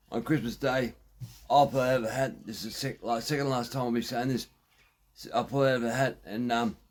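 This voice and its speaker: An Australian man talking casually in his shed about chainsaw repairs, rambling and halting, with plenty of ums and restarts. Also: medium pitch. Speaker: chainsaw vlogger. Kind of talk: casual workshop vlog. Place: home shed.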